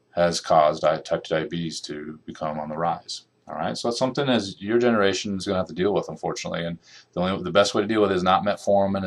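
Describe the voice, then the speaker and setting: Middle-aged male lecturer, very deep voice, casual classroom delivery. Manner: conversational, checks in with "okay" and "right". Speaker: nutrition lecturer.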